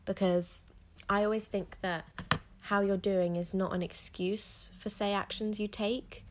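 A woman's voice: mid-range voice, flat delivery, a little slow, a little hiss or hum. A teenage girl hosting a solo podcast, talking frankly and rambling, with lots of "like" fillers. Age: teens. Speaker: podcast host. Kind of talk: candid solo podcast monologue.

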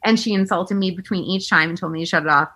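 A woman's voice: on the low side, fast, pushed and bright. A woman in her thirties hosting a podcast, telling a story in casual chat with lots of "like" and acted-out quotes. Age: 30s. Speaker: podcast host.

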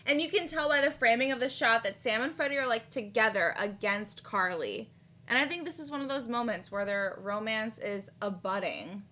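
High bright-voiced woman podcaster. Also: normal speed. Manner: animated, swears freely, acts out quotes. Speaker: podcast co-host. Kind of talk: casual rewatch podcast chat. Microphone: headphones and podcast mic.

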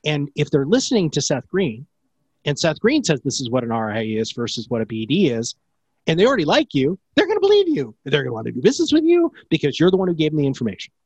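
A man who runs a podcast production company, answering interview questions in a fast, enthusiastic, salesy way. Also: fairly high pitch, huge pitch swings, a little mellow, breathy edge, no echo.

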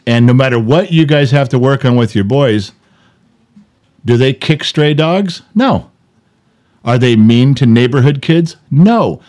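A man's voice: medium pitch, animated, measured pace, a little mellow. Blunt, joking middle-aged man. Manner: blunt, joking, a bit profane. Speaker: podcast co-host. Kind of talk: casual chat.

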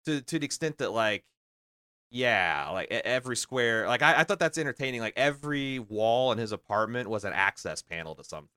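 Male podcast co-host, bright crisp voice, lowish pitch, eager rambler, dry close mic. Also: animated, fairly quick, dry recording. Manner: enthusiastic, rambling with many fillers and restarts. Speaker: podcast co-host discussing a film. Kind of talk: casual chat.

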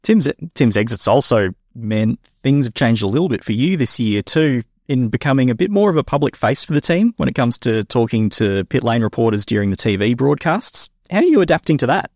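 A man's voice: mid-range voice, sing-song, a little fast, hardly any pauses, a little mellow, dry recording, studio quality. A man, a motorsport interviewer asking chatty, jokey questions. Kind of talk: conversational interview.

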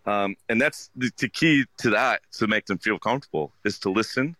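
A man, a restaurant owner, talking earnestly in an interview, halting with many restarts. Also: fairly low pitch, pushed and bright, no room sound. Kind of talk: casual interview talk.

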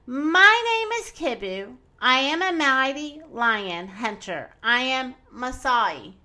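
A woman's voice: high voice, sing-song, takes it slowly, sharp tone, full character voice. Woman doing a small eager boy hunter.

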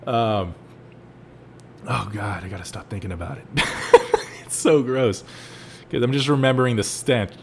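Animated young man telling podcast stories. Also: medium pitch, normal speed, long pauses, slight background noise. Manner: animated, laughing, rising to loud exclaims. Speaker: podcast host. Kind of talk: solo podcast storytelling.

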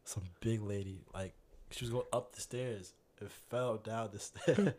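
A young man co-hosting a casual chat, telling stories in a slangy, animated way and ending lines with "bro". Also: lowish voice, a little slow. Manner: animated storyteller, slangy, ends lines with 'bro'. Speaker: podcast co-host.

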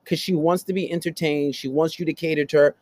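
A young man hosting a podcast improvises a profane, casual dating story, mimicking voices in a high pitch. He talks fast with a steady, darkish tone, and the recording has no echo.

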